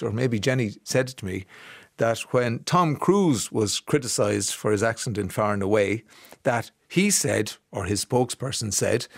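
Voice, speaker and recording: A man's voice: medium pitch, dry recording. An Irish man hosting a radio show, chatting casually and reading out listener messages in the studio. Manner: chatty, reads texts aloud and riffs on them. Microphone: studio microphone.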